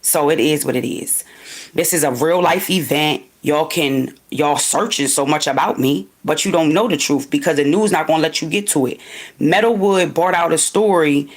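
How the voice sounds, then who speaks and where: A woman's voice: sits low, normal speed. A woman from Wilmington, Delaware, ranting in an unscripted livestream monologue, profane and talking straight at her viewers. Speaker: livestream host.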